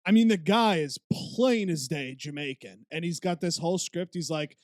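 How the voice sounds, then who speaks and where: Male podcast co-host, bright and high-pitched, animated anecdote teller. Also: moderate pace, no room sound, clean studio sound. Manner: animated, laughs through his stories. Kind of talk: casual chat, storytelling.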